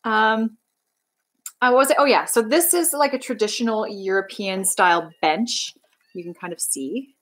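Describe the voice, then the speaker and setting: A woman's voice: mid-range voice, measured pace, fairly bright tone, rough recording. A young woman from Canada chatting casually on a livestream, bubbly and rambling as she reads out viewer comments. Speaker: livestream host.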